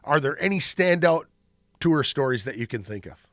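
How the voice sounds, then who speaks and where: A man hosting a podcast, asking halting, casual questions full of fillers. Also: a little high, expressive, a bit bright, dry recording, studio quality. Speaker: podcast host. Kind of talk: casual interview chat.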